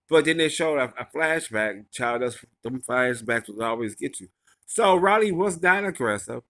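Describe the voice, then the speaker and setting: Bright-voiced man gossiping through a recap. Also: mid-range voice, lively intonation, moderate pace. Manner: rambling and gossipy, full of fillers. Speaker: reality show recapper. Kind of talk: casual episode recap.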